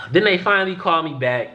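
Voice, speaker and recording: A man's voice: fairly high pitch, normal speed, a little hiss or hum. A young man telling a story to the camera in casual, profane storytelling, acting out what people said. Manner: animated, profane, acts out quoted voices. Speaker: vlogger.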